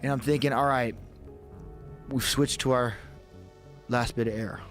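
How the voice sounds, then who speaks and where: A man's voice: mid-range voice, steady tone, measured pace, faint music behind. A man on a podcast retelling a frightening survival story, reenacting his own panic with intense energy. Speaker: podcast guest. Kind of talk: dramatic storytelling.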